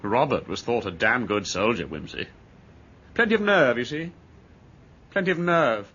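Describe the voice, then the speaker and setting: An actor playing a bitter, touchy English ex-soldier with an edgy, resentful manner, in an old radio drama. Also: male voice, medium pitch, animated, a bit bright, a little hiss or hum, natural voice. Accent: upper-class English. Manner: edgy, resentful, quick to flare up. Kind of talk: 1930s-style radio drama acting. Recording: dull old radio recording.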